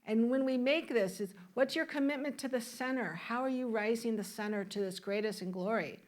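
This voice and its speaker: In a church sanctuary, a woman minister with a slightly higher-than-average voice gives a sermon at a somewhat quick pace. Her preaching is warm and conversational, full of questions put to the congregation, and she sometimes laughs with them.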